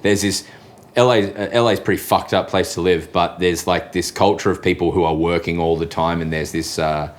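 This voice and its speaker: Deep-voiced rambling Australian man. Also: fairly even intonation, fairly quick. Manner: rambling, sweary storytelling. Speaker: comedian. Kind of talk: casual chat.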